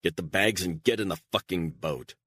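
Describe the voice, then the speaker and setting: A man's voice: sits low, moderate pace, a bit bright, breathy edge, no room sound, studio quality. A man as a cold, curt spy. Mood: stern. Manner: curt, firm commands. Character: cold, controlled male covert operative.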